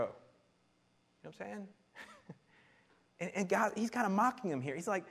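A man preaching a sermon and teaching from scripture, animated, laughing often and repeating words as he goes. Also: sits high, unhurried, creaky, long pauses, slightly rough. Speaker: pastor.

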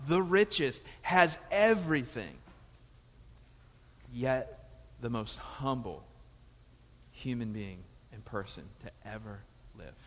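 A pastor preaching a conversational, animated sermon in a church, his voice rising in emphatic questions. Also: medium pitch, slight background noise. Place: church sanctuary. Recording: long hall reverb, faint music.

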